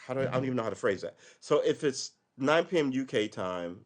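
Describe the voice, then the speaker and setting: A man's voice: mid-range voice, animated, fast talker. A man hosting a casual live-stream podcast, ranting in a rambling, wry way that wanders off on tangents. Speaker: podcast host.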